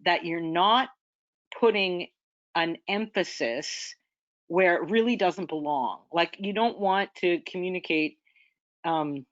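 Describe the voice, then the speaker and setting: A woman's voice: lowish voice, a bit bright, dry recording. Woman, seminar lecturer, conversational, dry dull lo-fi recording. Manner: conversational, checks in with "okay?" and "right?". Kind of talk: academic lecture.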